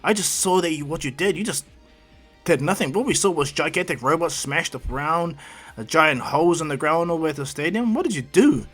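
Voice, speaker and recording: Man voicing amazed teen classmates, loud, husky, storybook retelling. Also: on the high side, expressive, brisk, faint music behind. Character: excited teenage classmates.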